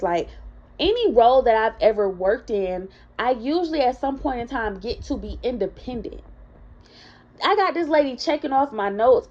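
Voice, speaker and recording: A woman's voice: a little high, expressive, moderate pace, darkish tone. A woman telling a story from her own life in a casual vlog, chatty and candid, talking straight to her viewers. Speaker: vlogger. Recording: dull lo-fi recording.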